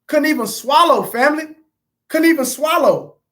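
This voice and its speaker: A woman telling a live-stream audience how she grieved for her son. She speaks haltingly, repeats herself and addresses listeners as family. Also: sits high, a bit bright. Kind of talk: emotional live-stream testimony.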